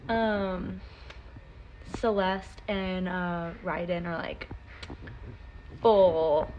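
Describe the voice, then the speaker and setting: A woman talking slowly and excitedly about her reading in a casual vlog, giggling and sometimes dropping to a whisper. A faint hiss sits under her voice. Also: mid-range voice, muffled recording. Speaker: book vlogger.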